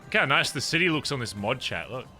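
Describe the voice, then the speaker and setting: Bright and forceful, a very animated medium-pitched voice comes from an English streamer playing a roleplay game at a quick pace. Soft music runs behind his casual, rambling chat with viewers, full of self-mockery and laughter at his own comments.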